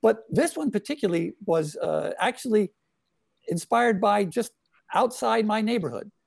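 A man's voice: high-pitched, animated, moderate pace, vocal fry, no echo, clean studio sound. A man, a cartoonist guest chatting in an interview, hesitant with many fillers and restarts. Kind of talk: casual interview chat.

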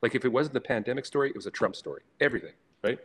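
A man's voice: medium pitch, animated, racing. A man, a guest cartoonist, chatting on a panel in a teasing, talkative way. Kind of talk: casual panel chat.

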